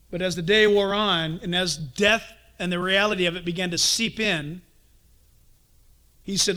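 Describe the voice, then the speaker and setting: A man preaching a sermon as pastor, animated, swinging from sudden shouts to hushed asides. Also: high-pitched, brisk.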